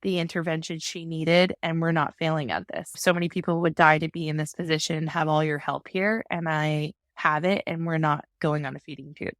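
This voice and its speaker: A woman's voice: low voice, steady tone, moderate pace, dry recording, studio quality. A young adult woman, a guest, telling her story in a casual interview and acting out the exchanges she quotes. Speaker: guest, parent advocate.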